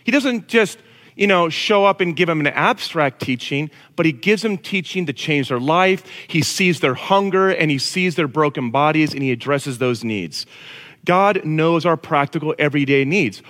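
A man preaching a casual, animated sermon to a congregation. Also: fairly high pitch, moderate pace. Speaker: pastor. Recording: long reverb of a large hall.

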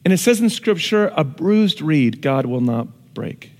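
A man preaching a sermon, animated, moving from hushed tones to shouted emphasis. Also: on the high side, unhurried. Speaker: pastor. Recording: long hall reverb.

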